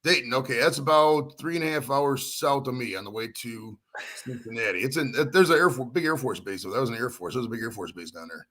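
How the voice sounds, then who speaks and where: A man's voice: medium pitch, fast, a bit bright. A middle-aged man from Ohio, chatting casually as a guest, laid-back and swearing freely. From Ohio, USA. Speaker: guest caller. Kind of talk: casual chat.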